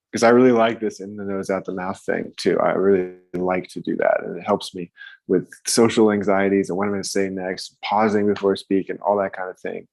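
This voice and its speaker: A man leading a live guided breathwork session in a slow, gentle way, pausing often. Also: deep voice, gravelly, no echo, low-quality recording. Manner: slow, gentle, with long pauses. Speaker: meditation guide. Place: room at home with a fan.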